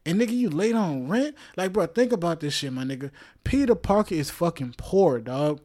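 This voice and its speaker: A podcast host with a slightly high, animated voice and a dark tone talks at a moderate pace through a loose, joking monologue. It's full of slang, swearing and asides to the listener, and he laughs often and checks in with his audience.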